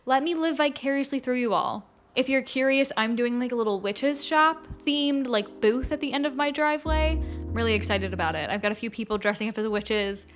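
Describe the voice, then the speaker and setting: A bubbly young woman with a slightly high voice chats about her art in a loose, casual way. She talks from home with soft music playing underneath. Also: expressive, fairly quick. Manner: bubbly, chatty, frequent likes and laughs. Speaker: art channel host. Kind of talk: casual chat with sponsor read.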